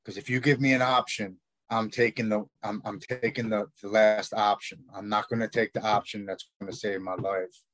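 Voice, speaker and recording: Halting low-voiced man telling his story. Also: level tone, a bit bright, dry recording. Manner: raw, halting, repeats words when emotional. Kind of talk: personal storytelling.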